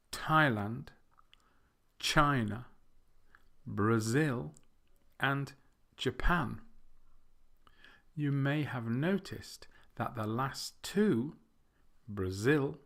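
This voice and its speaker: A man hosting an English-learning podcast, walking through word stress slowly and deliberately, exaggerating syllables with playful little laughs. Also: mid-range voice, fairly bright tone. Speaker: podcast host teaching English. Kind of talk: language lesson on word stress.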